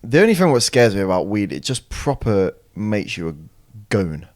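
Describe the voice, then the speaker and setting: Animated young man telling stories. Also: on the low side, normal speed. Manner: animated storyteller, acts out friends' lines. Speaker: podcast co-host. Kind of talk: casual chat.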